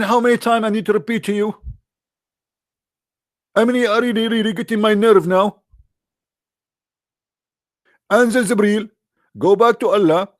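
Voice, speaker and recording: A man's voice: high voice, voice pushed up, close to an everyday voice. A man voicing an exasperated, pleading middle-aged man in a raised, mocking tone.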